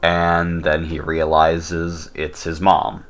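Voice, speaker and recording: A young man hosts his own casual song commentary in a deep, low voice. He is blunt and opinionated, and he often pauses on fillers as he works out his thoughts. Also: completely flat delivery, a bit bright, soft background music. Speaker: YouTube host.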